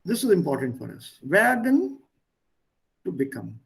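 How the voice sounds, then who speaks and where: A man teaching a language lesson online, explaining word pairs patiently with pauses. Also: a little high, wildly swooping pitch, creaky, breathy edge, rough recording.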